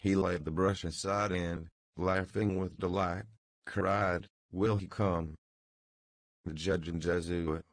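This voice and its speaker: Slow, deep-voiced male audiobook narrator. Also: steady tone, no room sound.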